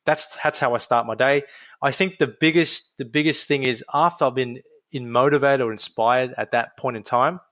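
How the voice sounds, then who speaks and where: Speaking at normal speed in a medium pitch, a young Australian man joins a casual interview as a podiatrist guest. He's energetic and restarts frequently, and the recording is dry.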